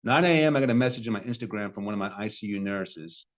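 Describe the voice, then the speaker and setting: Young male coach in his twenties, lowish voice, muffled lo-fi audio, storytelling that flares loud. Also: fast. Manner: emotional, animated retelling with sudden loud peaks. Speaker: love coach. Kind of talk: personal storytelling.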